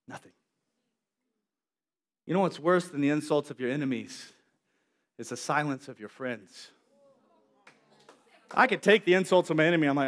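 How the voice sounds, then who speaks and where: A male preacher giving a sermon, telling a story in an animated way with acted-out voices. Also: fairly high pitch, moderate pace, long pauses.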